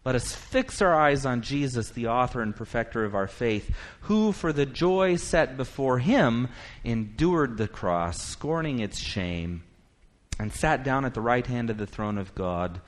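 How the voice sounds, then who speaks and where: Preacher swinging between hush and fervor. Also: male voice, medium pitch, big pitch swings. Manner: wide swings from quiet reflection to rising emphatic declaration; reads scripture aloud in rapid bursts. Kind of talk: sermon.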